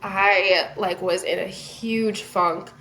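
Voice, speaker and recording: A young woman telling a story as a podcast guest, casual and animated, with lots of filler words. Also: medium pitch, takes it slowly.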